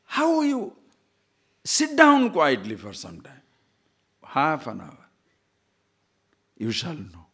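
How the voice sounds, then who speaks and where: Fairly high-pitched and a bit rough, this man talks slowly, leaving long pauses. He's a spiritual teacher giving a lively discourse, telling jokes and little stories, chuckling, repeating phrases, and asking the audience questions.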